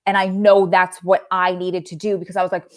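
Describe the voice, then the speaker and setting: A woman's voice: on the low side, flat delivery, a little fast. Chatty woman hosting a livestream. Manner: chatty, rambling, loses her train of thought. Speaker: livestream host. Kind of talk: casual livestream chat.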